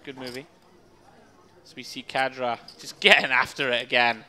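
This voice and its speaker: Very bright-voiced jokey male commentator. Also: medium pitch, fairly even intonation, normal speed. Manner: jokey, easygoing banter. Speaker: poker commentator. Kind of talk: live commentary.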